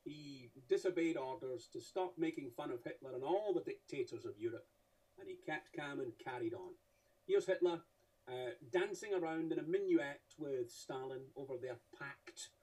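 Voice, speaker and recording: A man's voice: on the high side, animated, normal speed, warm tone, slightly rough, far from the mic, low-quality recording. A man giving a humorous illustrated talk to an audience, with wry, theatrical asides. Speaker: speaker presenting cartoons to an audience.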